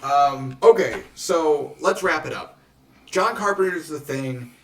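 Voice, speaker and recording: A man co-hosting a casual movie review podcast, joking and animated with playful rants. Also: a little high, slow, distant mic, a little hiss or hum. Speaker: podcast co-host. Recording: echoey room, off-mic.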